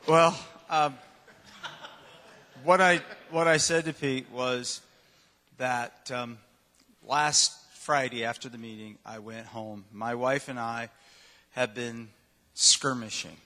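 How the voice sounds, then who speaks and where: A man giving an earnest, halting testimony in front of a church congregation. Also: mid-range voice, fairly even intonation, sharp tone, long reverb tail.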